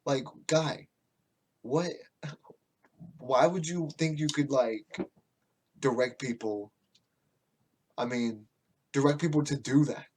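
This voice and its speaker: Profane, rambling American podcast host. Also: male voice, medium pitch, slow, pauses often, a little mellow, breathy edge. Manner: profane, rambling, with frequent restarts. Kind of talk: casual political rant.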